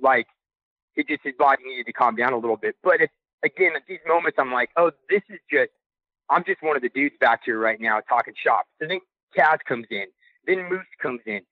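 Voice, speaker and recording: Animated storyteller man on a phone line. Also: a little high, no room sound. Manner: animated, acts out quoted dialogue. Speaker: guest recounting backstage experience. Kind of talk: casual storytelling.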